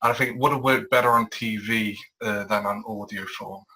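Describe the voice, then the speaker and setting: A man giving a measured opinion as a panelist on a casual review chat over a video call. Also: fairly low pitch, steady tone, sharp tone, slight background noise, low-quality recording. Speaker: podcast panelist.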